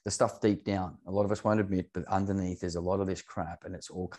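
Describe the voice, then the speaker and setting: A man's voice: deep voice, little pitch movement, quick pace, a little mellow, soft background music. A man talking earnestly and openly as a podcast guest, swearing casually as he speaks. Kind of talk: candid podcast conversation.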